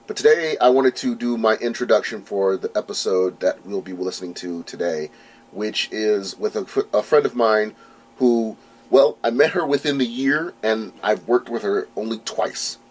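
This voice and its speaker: A man's voice: lowish voice, normal speed, slightly rough. A man in his thirties hosting a podcast, casual and rambling with lots of ums and restarts, his voice a little worn. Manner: rambling, many fillers and restarts. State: losing his voice. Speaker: podcast host. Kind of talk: casual solo podcast intro.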